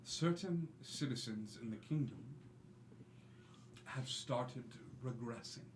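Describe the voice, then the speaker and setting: A man voicing a grim, wounded guard who speaks low, measured and grave in an echoey room. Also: close to an everyday voice. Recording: echoey room with faint noise.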